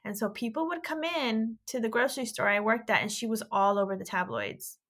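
Californian woman in her 30s, podcast chat, bright slightly high voice, acts out what people said. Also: animated, a little fast. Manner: chatty storyteller, acts out quotes in a higher voice. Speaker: podcast co-host. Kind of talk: casual chat.

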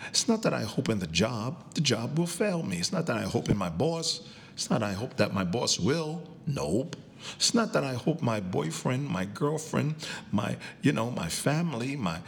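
A man preaching a sermon as pastor. He calls out to the congregation, swings up to loud cries and drops down to near whispers. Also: lowish voice, vocal fry, slight background noise. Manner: preaching with call and response, rising to shouts and dropping to whispers.

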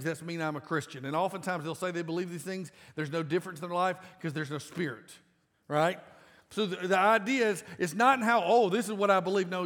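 A man in his forties preaching a sermon to a congregation in a casual, emphatic way that breaks into loud bursts. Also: sits high. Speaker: pastor. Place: large church auditorium. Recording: live church sound with long reverb.

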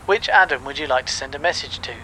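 A man's voice: mid-range voice, fast, background noise, close to an everyday voice. A man voicing a polite male phone voice assistant who keeps mishearing, in a comedy sketch. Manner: polite, flat and even like a machine.

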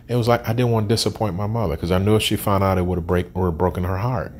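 A man's voice: sits low, fast, hardly any pauses. A man in his sixties telling his life story as an interview guest, candid and plain-spoken with frequent ums and restarts. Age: 60s.

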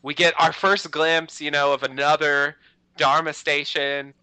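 Podcast guy, bright and crisp, dry close mic, rambly with lots of "you know". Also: a little high, flat delivery, a little slow, dry recording, low-quality recording. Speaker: podcast host. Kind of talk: casual chat.

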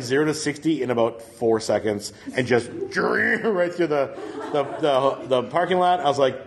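A man with a slightly raised pitch tells a long tale in loose, casual chat. He rambles through fillers and restarts and keeps breaking into laughter. A faint noise sits behind him.

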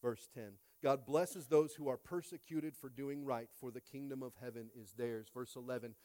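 A pastor in his late thirties preaching a sermon, emphatic, swinging from quiet to loud and repeating phrases. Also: medium pitch, normal speed, dry recording, clean studio sound.

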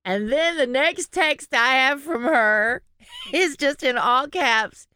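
On a casual podcast, a female co-host with a high voice spins animated stories, cursing freely and laughing a lot. She takes a slow pace.

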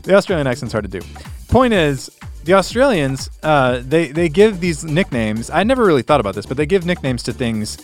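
A man's voice: fairly high pitch, big pitch swings, a little fast, faint music behind. A man hosting a casual podcast chat, rambling and restarting his sentences and laughing often.

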